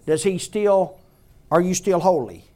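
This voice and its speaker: Guy preaching, chatty, fires questions at the pews, goes soft and hushed on the tender bits. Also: high voice, animated, unhurried. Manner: conversational preaching, asks the congregation questions; drops to a soft hush on tender points. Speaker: pastor. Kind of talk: sermon.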